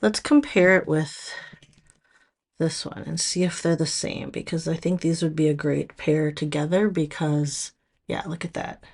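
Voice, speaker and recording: A woman's voice: low voice, fairly even intonation, a little slow, darkish tone. A woman with a Minnesota accent showing off nail products in a casual, chatty way, full of fillers and restarts.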